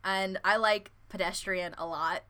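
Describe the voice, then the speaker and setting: A woman's voice: medium pitch, steady tone, unhurried, sharp tone, clear, resonant tone. A young woman chatting casually as a podcast co-host, laughing often and playing with words. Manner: giggly, filler-heavy, playful with words. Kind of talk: casual chat.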